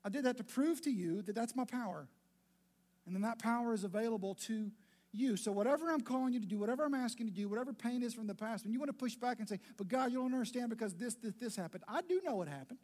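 A man's voice: very high-pitched, lively intonation, quick pace, a little mellow, pitched above the performer's own voice. A man voicing God as a laid-back, confident father who talks in slang and urges people on. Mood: rousing. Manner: chatty, hyped-up, colloquial.

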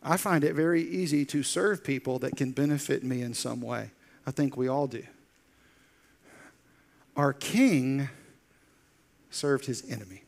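This male pastor speaks in a mid-range, creaky voice at a measured pace, pausing often. His sermon narrates the story with animated quoted voices and shifts into quiet, intense moments.

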